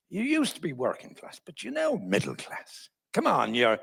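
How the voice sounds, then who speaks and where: Teasing Irish TV interrogator, pitched high and husky, done by an old man. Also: huge pitch swings, unhurried, fairly bright tone, heavily acted. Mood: goading. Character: probing Irish male TV psychiatrist, needling.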